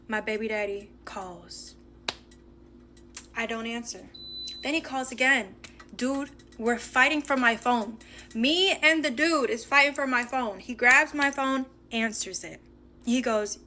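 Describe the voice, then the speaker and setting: A young woman telling a dating story in a casual storytime vlog, animated and slangy, acting out the dialogue. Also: on the high side, takes it slowly, background noise.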